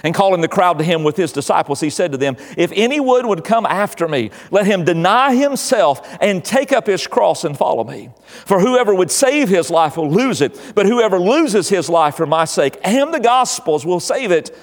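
A man's voice: sits high, big pitch swings, normal speed, long reverb tail. An older man preaching a sermon as pastor, his delivery swelling and dropping in volume. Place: church.

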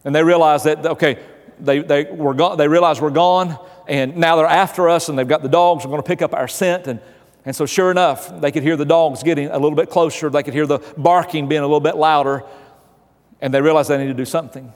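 A man's voice: fairly high pitch, fairly even intonation, a little fast. A male pastor preaching a sermon, telling a story and asking repeated emphatic questions. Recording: long hall reverb.

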